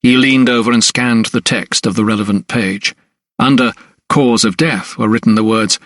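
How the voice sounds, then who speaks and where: A man's voice: medium pitch, moderate pace, fairly bright tone, no room sound. Male audiobook narrator, dry and close. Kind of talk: scripted narration.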